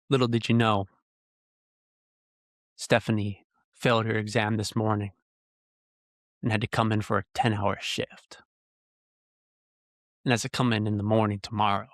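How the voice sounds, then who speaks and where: A man's voice: on the low side, dry recording. Earnest ranting man, dry close mic. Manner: earnest, heated, full of rhetorical questions. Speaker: podcast host. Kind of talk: ranting solo podcast monologue. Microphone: podcast mic close up.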